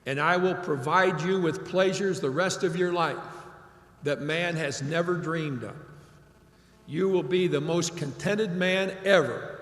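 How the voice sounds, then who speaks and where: A man's voice: a little high, measured pace, fairly bright tone. A man voicing a small talking frog that pleads and coaxes in a raised voice, heard in an echoey hall. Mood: tempting.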